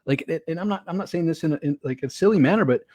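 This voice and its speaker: A man giving an energetic motivational business webinar, talking conversationally and repeating key phrases with rhetorical questions. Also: a little high, fast talker, no room sound. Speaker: online business coach.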